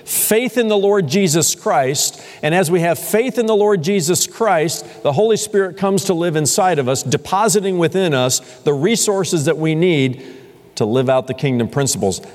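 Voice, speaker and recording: A pastor preaches to his congregation, his voice swinging widely as he drives home each point and leans into the key phrases. He is a man with a slightly high voice. The church sanctuary gives his words a long, lingering reverb. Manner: expressive preaching with rising emphasis and pauses. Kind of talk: sermon.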